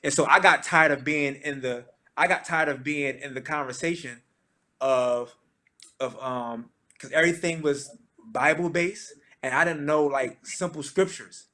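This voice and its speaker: A man in his thirties giving an animated, slang-filled testimony to a church audience about his years as a gospel singer. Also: on the high side, measured pace. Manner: animated, slangy storytelling with lively quoted asides.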